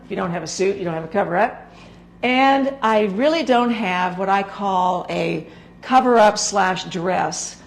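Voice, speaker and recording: A woman hosting a sewing show, talking casually to the camera in a hoarse, gravelly voice, chatty and rambling with filler words. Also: mid-range voice. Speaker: sewing instructor and show host.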